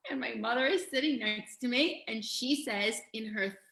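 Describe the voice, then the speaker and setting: A middle-aged woman, a health and life coach, telling her story as a podcast guest in a lively, laughing way. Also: a little high, normal speed, creaky. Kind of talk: casual interview storytelling. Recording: echoey room.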